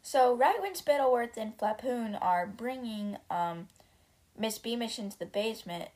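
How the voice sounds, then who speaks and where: A woman's voice: a little high, animated, unhurried, a little mellow. Chatty young woman retelling a story. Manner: chatty, many fillers like "like" and "you know". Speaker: podcast host retelling a book. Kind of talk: casual book summary.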